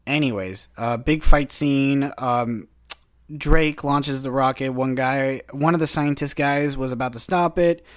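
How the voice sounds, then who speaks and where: A man, a guest reviewer, casually retelling a film plot with many fillers and restarts. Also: medium pitch. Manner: halting, full of uh and um fillers.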